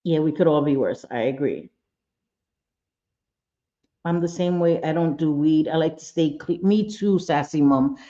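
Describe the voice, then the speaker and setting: A woman's voice: low-pitched, unhurried, pauses often, dark tone. Woman rambling on her livestream, blunt, cusses a lot, says hi to people in chat, kinda muffled lo-fi sound. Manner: chatty, blunt, swears freely, greets viewers by name. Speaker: livestream host.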